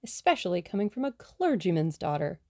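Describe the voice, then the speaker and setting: A woman's voice: on the low side, very animated, fairly quick, a little mellow, dry recording. A woman voicing a cheerful, dry-witted young man who teases his friend.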